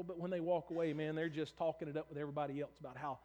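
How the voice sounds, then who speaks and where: High-voiced preacher, earnest sermon. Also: male voice, fast talker, few pauses, darkish tone. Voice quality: earnest, repetitive, conversational preaching with stammered restarts. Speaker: pastor.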